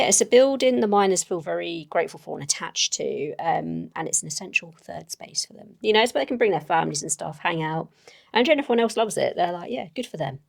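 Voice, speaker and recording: A woman's voice: on the low side, creaky, a little mellow. A woman playing a solo tabletop game, thinking aloud as she writes, hesitant and full of self-corrections.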